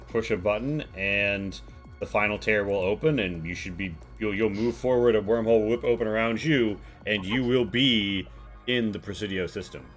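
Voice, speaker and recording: Rambling game master, low voice. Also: male voice. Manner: rambling, many fillers. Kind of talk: narrating a tabletop game.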